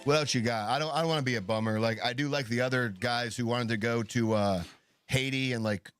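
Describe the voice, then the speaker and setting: A man co-hosting a comedy podcast who reads news stories aloud, then riffs and jokes about them in a relaxed, chatty way. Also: mid-range voice, fairly quick, soft background music. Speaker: podcast co-host. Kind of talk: casual comedic news chat.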